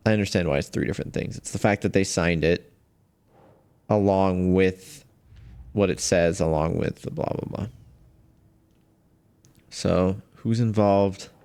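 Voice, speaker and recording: A man's voice: deep voice, unhurried, long pauses, a little mellow, clean tone. A man streaming a video game, musing aloud as he works out a puzzle, chuckling and trailing off. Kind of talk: casual gameplay commentary.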